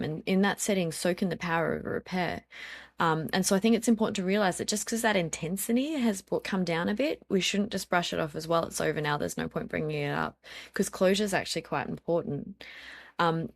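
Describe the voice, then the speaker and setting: Earnest low-voiced woman telling stories. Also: no echo. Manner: earnest, storytelling, frequent "um" and "like". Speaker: interview guest, parenting speaker. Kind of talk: reflective podcast conversation.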